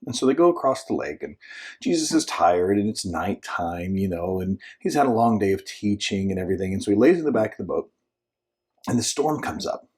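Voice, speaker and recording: A lower-voiced man with a slightly husky tone gives a relaxed devotional talk as a church minister. He tells the story in a chatty way, with restarts and asides, and sometimes drops to a whisper or bursts into a shout to act out the voices. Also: a little fast. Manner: frequent restarts and filler asides. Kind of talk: informal short devotional talk.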